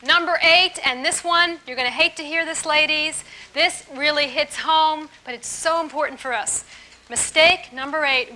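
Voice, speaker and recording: Bright, high-voiced woman lecturing a seminar. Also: slight background noise. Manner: lively, emphatic, playful, laughs while teaching. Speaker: relationship seminar speaker. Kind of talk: live seminar talk to an audience.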